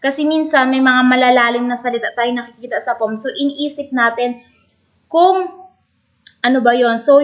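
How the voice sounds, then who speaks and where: A woman with a Filipino accent teaches a lesson in a high voice. She explains patiently, opening most sentences with "so". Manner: explains slowly, starting sentences with "so". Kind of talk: classroom lesson in Taglish.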